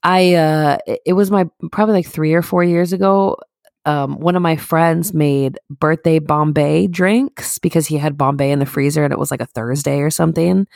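A woman's voice: low voice, fairly even intonation, moderate pace, gravelly, darkish tone, no room sound, studio quality. A young woman co-hosting a podcast, telling rambling stories in casual chat with lots of laughs and restarts. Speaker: podcast co-host.

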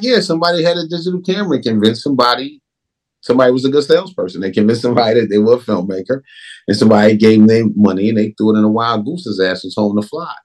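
A man who directs films, talking in a casual interview in an emphatic, animated way. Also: medium pitch, quick pace. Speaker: film director.

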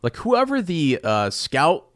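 A man's voice: a little high, wildly swooping pitch, takes it slowly, dry recording, clean studio sound. A man in a casual podcast chat, hesitant and searching for words with many fillers. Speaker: podcast co-host.

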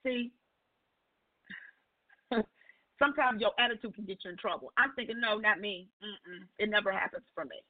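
A woman's voice: a little high, moderate pace, pauses often, dry recording. Woman telling a testimony over the phone. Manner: lively storyteller acting out dialogue. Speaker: guest on call-in radio show. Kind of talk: personal testimony storytelling. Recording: tinny phone line.

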